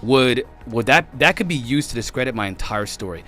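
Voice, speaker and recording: A man's voice: medium pitch, expressive, a little fast, fairly bright tone, faint music behind. A man hosting a podcast, pushing back hard in a heated debate and often cutting in to hold the floor. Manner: interrupts, repeats "hold on" to push back. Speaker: podcast host.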